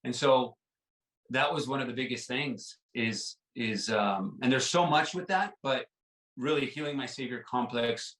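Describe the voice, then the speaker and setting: A man's voice: mid-range voice, a little slow, fairly bright tone, far from the mic. Earnest man telling his story, roomy sound. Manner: earnest, repeats words, many "like" and "right?" fillers. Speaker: podcast guest. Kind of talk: personal storytelling in an interview.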